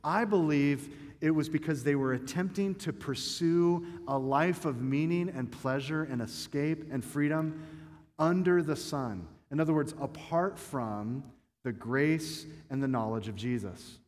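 A man's voice: on the high side, unhurried, darkish tone. A man preaching a sermon to a congregation in a conversational, joking way. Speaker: pastor. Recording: long hall reverb.

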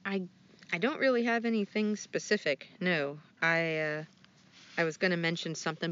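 A woman's voice: sits low, fairly bright tone, highs cut off. A woman co-hosting a casual podcast, giving short, laid-back replies. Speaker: podcast co-host.

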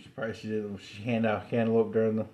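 A man's voice: lowish voice, monotone, fast, mellow. A man co-hosting a casual podcast, reacting with laughter, teasing and swearing. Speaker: podcast co-host.

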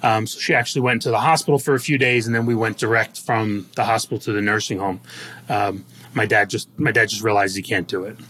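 A man's voice: on the low side, fairly even intonation, fast, pushed and bright, breathy edge. A middle-aged man co-hosting a podcast, telling personal stories in casual chat with jokes and frequent laughs. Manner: joking, self-deprecating storyteller who laughs often. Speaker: podcast co-host.

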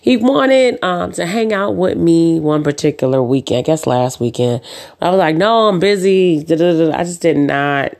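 A woman's voice: low voice, expressive, moderate pace, vocal fry, a little mellow. A woman hosting her own podcast, telling personal stories in a casual, chatty way and acting out the back-and-forth of her conversations. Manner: chatty storyteller who acts out dialogue; says "um" and "uh" often. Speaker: podcast host. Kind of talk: casual chat.

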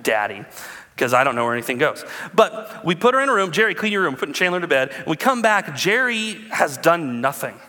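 A man in his thirties, a pastor preaching a sermon with animated storytelling and calls to the congregation. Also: fairly high pitch, fairly quick, hardly any pauses, big-room sound.

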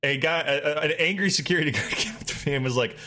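Bright chatty podcast guy, kinda high voice, laughs a lot, swears, rambles. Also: fast. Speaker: podcast co-host. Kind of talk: casual chat.

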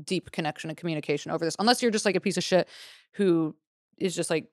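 Low-voiced woman in casual podcast chat. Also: fast, no room sound, clean studio sound. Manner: loose, profane, laughing often. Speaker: podcast co-host. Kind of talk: casual podcast chat, reading listener letters.

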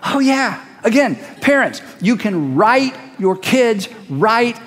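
A man's voice: extremely high pitch, sing-song, slow pace, fairly bright tone, in a large hall. A man preaching a sermon in a conversational, emphatic way, acting out quoted voices as he goes. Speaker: pastor.

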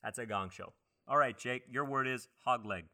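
A man's voice: medium pitch, normal speed, sharp tone. A man hosting a comedy podcast, brashly roasting his co-hosts with jokes. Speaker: podcast host.

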